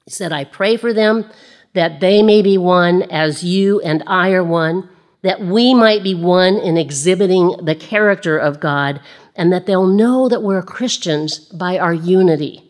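A woman preaching a sermon, chatty with self-deprecating asides, slowing down to read verses aloud. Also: on the low side, darkish tone. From Illinois. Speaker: Bible teacher.

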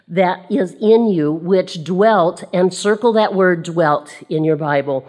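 Slow, low-voiced woman preaching. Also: a little mellow. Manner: repetitive, emphatic preaching with scripture reading. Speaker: women's ministry speaker. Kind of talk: sermon.

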